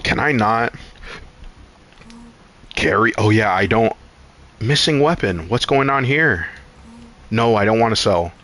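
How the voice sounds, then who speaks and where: Excitable young man telling a story. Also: on the low side, measured pace, pauses often. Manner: loose, profane and rambling, often acting out his own lines. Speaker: streamer. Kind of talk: casual live-stream storytelling.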